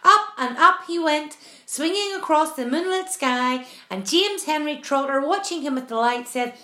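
A woman reading a children's story aloud with expressive, animated narration. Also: high-pitched, moderate pace, few pauses. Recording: roomy echo.

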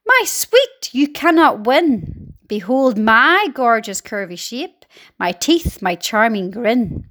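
A woman's voice: very animated, takes it slowly, fairly bright tone, exaggerated voice. A woman reading a storybook aloud, voicing a thin, spiteful old aunt who screeches and snaps. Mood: mocking. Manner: shrill and snapping.

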